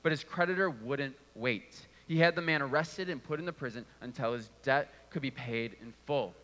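Bright-voiced man preaching in a hall. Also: medium pitch, normal speed. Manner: conversational, repeats words when restarting. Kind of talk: sermon.

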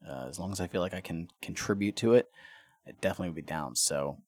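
A man's voice: low-pitched, fast talker, slightly rough, dry recording. A man hosting a podcast, ranting casually and profanely with frequent stammered restarts. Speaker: podcast host.

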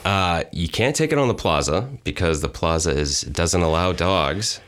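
A man's voice: low voice, expressive, moderate pace, a bit bright. A male guest answering questions in a casual interview, diplomatic and easygoing. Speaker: guest, outdoors guide publisher.

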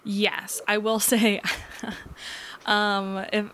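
A woman's voice: medium pitch, flat delivery, very slow, fairly bright tone. A woman talking casually as an interview guest, chatty and full of filler words, laughing often. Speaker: energy healer guest.

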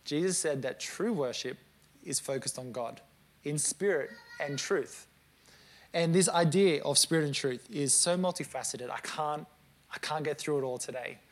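A man in his late twenties preaching a sermon to a congregation, telling stories with lively, self-mocking asides. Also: fairly high pitch, normal speed. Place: church service before a congregation.

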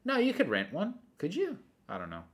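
A young adult man in casual chat, telling rambling stories in animated bursts. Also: sits high, fairly quick. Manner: rambling, animated storytelling that often breaks into laughter.

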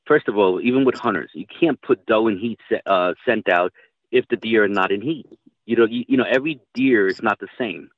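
A middle-aged man with a lowish voice tells hunting yarns in a loose, folksy ramble and swears offhand. The sound is dry and tinny, as if it came through a phone line. He circles back, restarts and piles on detail. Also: fairly quick, no room sound. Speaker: guest hunter telling stories. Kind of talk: casual storytelling.

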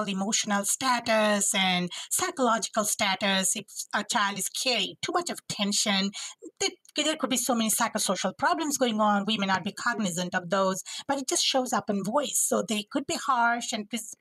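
A woman's voice: on the high side, moderate pace, fairly bright tone, dry recording, poor audio. A woman speech-language pathologist explaining vocal health as a podcast guest, with frequent restarts and fillers. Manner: demonstrates voice qualities, laughs often.

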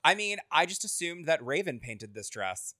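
Male co-host, bright and lively, playful storyteller, higher-pitched. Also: moderate pace, no echo, clean studio sound. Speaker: podcast co-host. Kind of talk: casual chat, reality TV recap.

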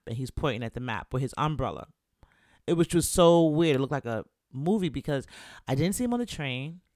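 A man's voice: mid-range voice, dry recording, clean studio sound. Chatty young man telling a story. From United States. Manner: animated, chatty, full of "like" and "you know". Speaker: rapper telling a travel story. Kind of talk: casual storytelling.

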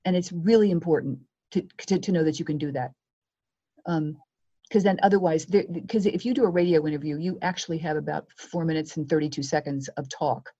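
A woman gives interview tips as a podcast guest, her voice husky and a little low. She talks lively and breaks into quoted exchanges as she explains. The audio sounds dull and lo-fi. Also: brisk. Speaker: media coach guest.

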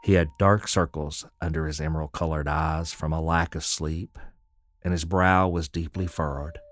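A man's voice: rumbling low, fairly even intonation, moderate pace. A man narrating a scripted audio drama in a folksy storytelling manner.

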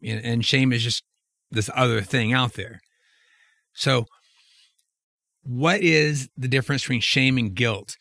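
A man's voice: mid-range voice, a little slow, creaky, long pauses, sharp tone, no room sound, studio quality. A man hosting a casual discussion and putting questions to the group. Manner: conversational, asks the group questions.

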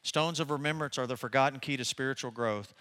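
An older man preaches with a bright, forceful voice at an ordinary pitch. He speaks in a conversational way and tells lively family stories, laughing as he goes. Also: quick pace. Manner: conversational, animated storytelling with laughter. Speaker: pastor. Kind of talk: sermon.

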